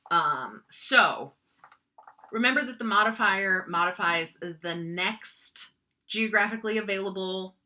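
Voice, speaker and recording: A woman's voice: medium pitch, measured pace, pushed and bright. A young woman from North Dakota, teaching writing in a casual lecture, full of ums and likes. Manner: chatty, frequent ums and likes, mock voices for examples.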